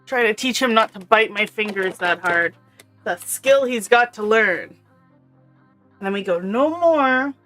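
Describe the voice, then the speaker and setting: A woman's voice: mid-range voice, unhurried, long pauses, fairly bright tone. A woman streaming a video game, chatting casually with her viewers and her pet, laughing often. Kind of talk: casual chat while gaming. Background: faint intro music.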